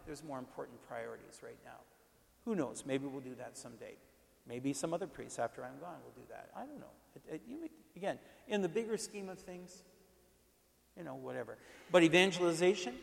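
Casting note: male priest, gravelly and a touch higher-pitched, emphatic chatty teaching, long hall reverb. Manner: conversational, emphatic, repeats himself. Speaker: Catholic parish priest. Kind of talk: informal teaching talk.

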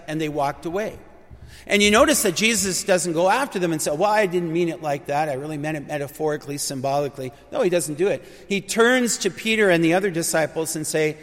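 Man, preacher, fairly high voice, earnest storytelling sermon, long hall reverb behind him. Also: fast talker. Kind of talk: conversational sermon.

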